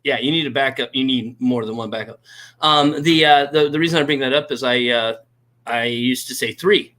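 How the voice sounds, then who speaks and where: A man's voice: mid-range voice, normal speed, pushed and bright. A man chatting casually as a guest on a live stream, stumbling over his words and laughing easily. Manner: stammering restarts, laughs easily.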